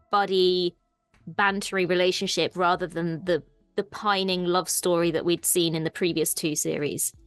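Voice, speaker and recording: A woman's voice: lowish voice, no room sound. A woman with an Irish accent co-hosting a casual TV discussion, chatty and enthusiastic. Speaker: co-host.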